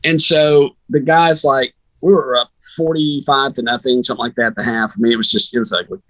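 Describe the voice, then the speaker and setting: Bright-voiced man telling a lively story. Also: medium pitch, brisk, no echo, rough recording. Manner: animated, chatty storyteller. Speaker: sports radio announcer, podcast guest. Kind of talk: casual storytelling.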